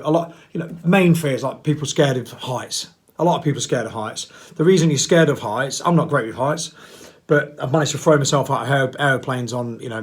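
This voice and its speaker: A middle-aged man talking casually to camera, blunt and rambling and sometimes mocking himself. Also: medium pitch. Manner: rambling, blunt and self-mocking, with playful put-on voices. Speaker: vlogger.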